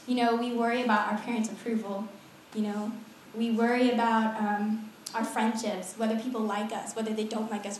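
A young woman preaching a casual, animated sermon, laughing often and adding chatty asides. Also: on the high side, slight background noise. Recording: echoey hall, voice from far off.

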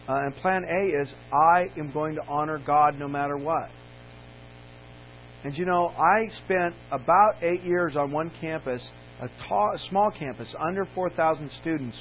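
Man, sermon, higher voice, candid storyteller, tinny phone-like sound, faint mains hum. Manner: candid, storytelling, builds to emphatic peaks. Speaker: campus minister.

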